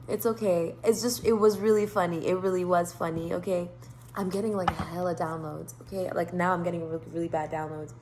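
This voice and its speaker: A woman's voice: mid-range voice, a little hiss or hum. A woman hosting her tarot channel, telling a rambling storytime monologue with lots of swearing, laughter and asides.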